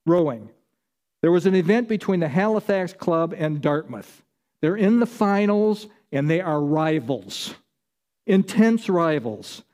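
A man's voice: sits high, mellow. A man preaching a sermon, emphatic, repeating his key phrases.

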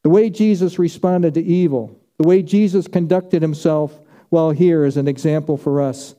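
Male pastor, sermon delivery, dark mellow tone, slightly higher pitch, dramatic emphasis. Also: fairly even intonation. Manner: dramatic, emphatic preaching with vivid pauses.

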